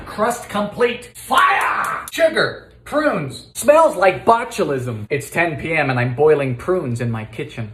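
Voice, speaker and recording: A man hosting a comedic cooking video in his home kitchen, firing off theatrical deadpan quips. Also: high voice, echoey room, slight background noise.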